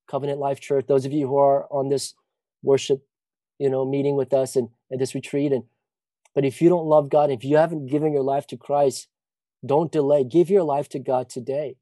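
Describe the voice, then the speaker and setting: A pastor at a church retreat service preaches earnestly, with frequent restarts, asides, and "you know." His medium-pitched, warm voice is flat in delivery at a moderate pace, with no room sound.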